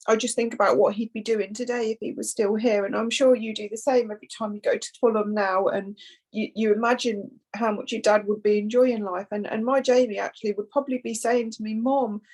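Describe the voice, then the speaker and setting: A woman, a bereaved mother, speaking through tears in a halting, emotional conversation, often repeating words. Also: a little high, a little mellow, slightly rough, low-quality recording. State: tearful. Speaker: foundation founder, bereaved mother.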